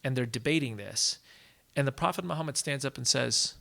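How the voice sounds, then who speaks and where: A man lectures in a college hall with a bright, forceful voice. He tells his story in a loose, animated way, full of casual "like" asides, his pitch sitting in the middle. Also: fairly quick, creaky. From United States. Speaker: guest lecturer.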